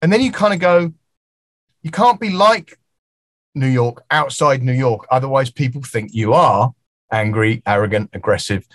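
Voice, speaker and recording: A man's voice: medium pitch, moderate pace, no room sound. A middle-aged man, a music producer who is a guest on a podcast and talks freely, acting out the voices of people in his stories. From England. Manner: lively storyteller acting out quoted voices. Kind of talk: casual podcast conversation.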